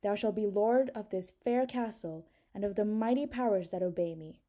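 Voicing a haughty, mocking sorceress in an audiobook, this woman tempts and gives commands in sweet, old-fashioned language. She speaks at a normal pace in a mellow, mid-range voice close to how she'd normally talk.

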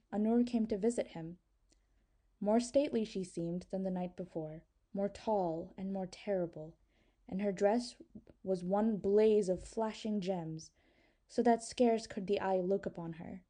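A woman narrating an old legend in a measured, even storytelling manner. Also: mid-range voice. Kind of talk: audiobook reading.

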